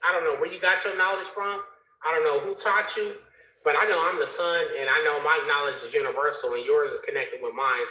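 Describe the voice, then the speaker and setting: A man joining an online panel chat as a guest, telling stories in an excitable, rambling way. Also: on the high side, reverberant, rough recording.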